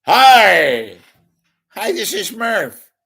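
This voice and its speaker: A man's voice: sits high, sing-song, extremely slow, gravelly, bright, forceful tone, slightly rough, pitched above the performer's own voice, exaggerated voice. A man doing a gushing, goofy radio ad host. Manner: gushing, overexcited ad-read delivery. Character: goofy overeager male radio host reading ads.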